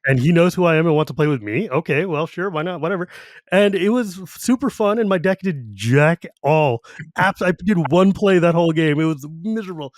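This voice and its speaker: A man hosts a casual podcast and talks fast and with enthusiasm, filling his stories with "like." His voice sits a little higher than most men's. The sound is dry and close to the mic, with no room echo. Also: animated. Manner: enthusiastic, fast-talking, full of "like" asides. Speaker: podcast host.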